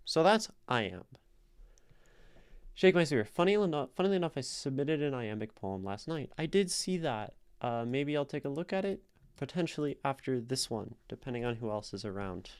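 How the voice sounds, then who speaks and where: A man's voice: medium pitch, big pitch swings, moderate pace, darkish tone, clean tone. A man streaming live, casually explaining poetic meter and sounding out the stress in words as he thinks aloud. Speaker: streamer analyzing poetry.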